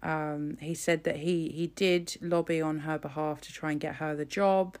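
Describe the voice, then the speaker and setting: Blunt, sweary woman with a gravelly voice. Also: low voice, fairly even intonation, moderate pace, a little mellow. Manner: blunt, sweary and scornful, with many fillers. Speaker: commentator. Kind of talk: casual opinionated commentary.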